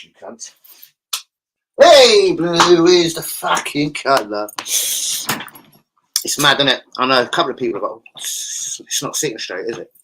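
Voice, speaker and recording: A man's voice: medium pitch, bright, forceful tone, breathy edge, low-quality recording. A man hosting a football fan live stream, swearing heavily and bantering with slang as he reads the chat. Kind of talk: casual live-stream rant reading chat.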